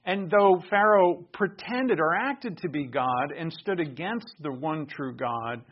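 A fairly high-voiced man preaching in a conversational teaching style, with bursts of raised emphasis. The recording sounds dull and lo-fi. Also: animated, a little slow. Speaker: pastor. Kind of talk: sermon.

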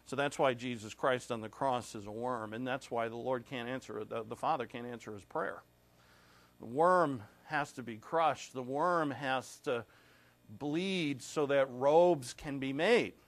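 A man's voice: medium pitch, fairly bright tone. A man preaching an expository sermon, reading scripture aloud with rising emphasis and growing emotional at times. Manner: emotional, clears throat and pauses. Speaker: pastor.

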